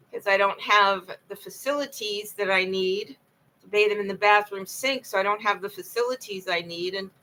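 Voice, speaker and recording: Poor audio carries a woman's mid-range voice, bright and forceful. Talking to the camera by herself late at night, she tells her story in an impassioned, meandering way, repeating herself often.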